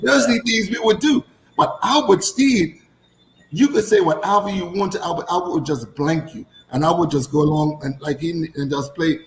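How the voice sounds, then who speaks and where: A man, once a cricketer, telling lively anecdotes and repeating himself for emphasis. His voice sits a little high for a man. The room gives it a noticeable echo, with a faint hum behind. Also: moderate pace. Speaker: former cricketer. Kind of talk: casual storytelling chat.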